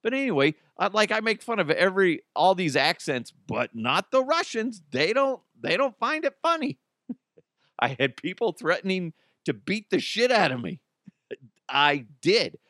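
A man's voice: high-pitched, moderate pace, dry recording, clean studio sound. A man hosting a comedy podcast, rambling casually and laughing at his own jokes. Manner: rambling, self-laughing, animated. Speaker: podcast host.

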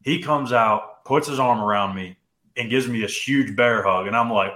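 Bright-voiced young man telling a story. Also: on the low side, moderate pace, echoey room. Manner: animated, says "dude" and "like" often. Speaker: podcast co-host. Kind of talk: casual storytelling chat.

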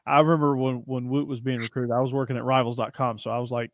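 A man's voice: mid-range voice, little pitch movement, fast talker, no echo. Chatty man hosting a podcast, dry sound. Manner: chatty, upbeat, storytelling. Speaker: podcast host. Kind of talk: casual sports podcast chat.

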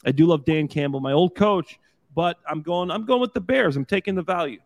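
A former pro football player talks on a sports panel in a slightly higher voice. He makes his picks with energy and confidence and talks them up quickly. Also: vocal fry. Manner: enthusiastic, rapid picks. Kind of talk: casual sports talk.

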